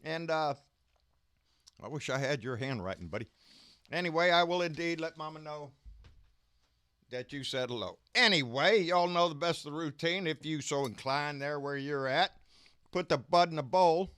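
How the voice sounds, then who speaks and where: A man chats and rants on his home live stream in a folksy, profane way. His voice sits high and sounds bright and forward. The recording is dry and close to the mic. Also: moderate pace, long pauses, clean tone, dry recording. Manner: folksy, profane, says "baby" a lot. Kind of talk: casual live-stream chat and rant.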